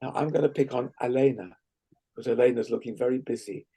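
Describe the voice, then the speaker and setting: A man leading a guided laughter exercise over a video call, playful and gently coaxing, often laughing. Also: medium pitch, steady tone, a little fast, husky. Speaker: laughter workshop leader.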